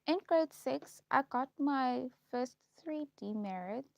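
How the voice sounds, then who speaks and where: Woman recounting school memories, gravelly. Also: high-pitched, expressive, slow, no room sound. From South Africa. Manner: repetitive, listing recollections with frequent ums. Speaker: vlogger. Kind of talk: personal storytelling. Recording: dull lo-fi recording.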